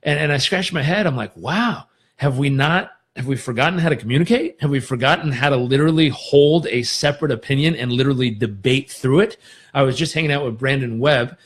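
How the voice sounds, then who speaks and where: A man's voice: medium pitch, fairly quick. A man hosting a motivational live stream, coaching listeners with energy and demonstrating breathing exercises aloud. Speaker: host.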